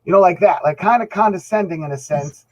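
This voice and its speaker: Here a man with a high-pitched voice talks briskly, and the recording loses its high frequencies. He's a podcast guest who plays in a band, rambling through anecdotes in casual talk and acting out what people said.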